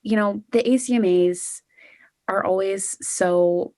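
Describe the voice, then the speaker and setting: A woman's voice: medium pitch, slow, darkish tone, no room sound. Chatty young woman singer, dry sound. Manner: bubbly, chatty, with many "like" and "you know" fillers. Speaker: country singer-songwriter guest. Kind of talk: casual interview chat.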